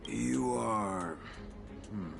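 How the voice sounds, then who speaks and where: A man's voice: lowish voice, drawn-out words, creaky, music in the background, heavily acted. A man voicing a worried, pious townsperson in voiced game dialogue, earnest and anxious.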